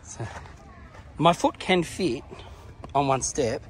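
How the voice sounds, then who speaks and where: A man's voice: a little high, lively intonation, slow. A man narrating a casual travel vlog outdoors at a pyramid site, chatty and laughing often, out of breath from the climb. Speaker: travel vlogger.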